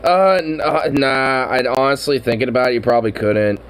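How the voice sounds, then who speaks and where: A man's voice: mid-range voice, fairly quick, smooth, low-quality recording. A man chatting casually, rambling and swearing, laughing often as he riffs on a story. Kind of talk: casual chat.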